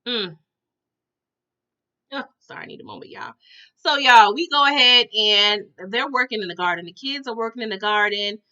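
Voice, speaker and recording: A woman hosts an episode recap, telling the story in a casual, chatty way, addressing her viewers as "y'all" directly and reacting with exaggerated flair. Her voice is a little high, bright, forceful, and smooth, at normal speed, though the sound is lo-fi.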